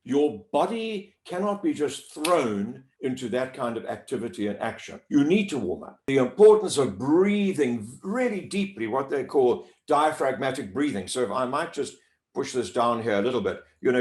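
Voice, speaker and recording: A man coaches voice warm-ups with a lively, swooping pitch. He talks in an animated, demonstrative way. The room around him rings with echo. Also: moderate pace. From South Africa. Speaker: voice-over coach. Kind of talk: explanatory interview talk. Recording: echoey room.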